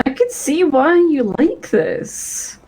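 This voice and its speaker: A woman's voice: high-pitched, huge pitch swings, slow pace, dark tone, low-quality recording. A woman role-playing in a video game, playful and giggly.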